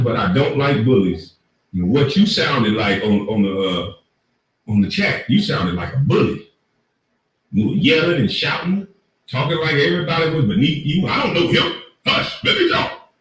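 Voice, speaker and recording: A man's voice: a little high, wildly swooping pitch, a little slow, a bit bright. A man, ranting on camera as an online commentator in a profane, mocking, confrontational way. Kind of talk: ranting monologue. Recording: very echoey room, far from the mic.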